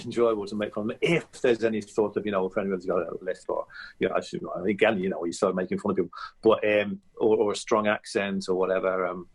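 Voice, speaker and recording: A man's voice: on the low side, slightly rough. A man guest on a podcast, chatting reflectively with frequent restarts and fillers. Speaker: guest impressionist. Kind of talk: casual podcast interview.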